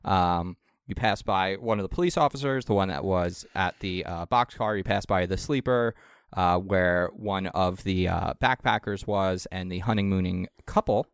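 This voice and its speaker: A man narrating a tabletop game as game master in a quick, casual way. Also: low voice, clean tone, no room sound, clean studio sound.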